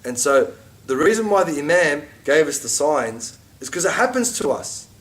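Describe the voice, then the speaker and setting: A middle-aged man teaching an informal religious class, chatty and animated, with asides and mock quotes. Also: a little high, normal speed, distant mic.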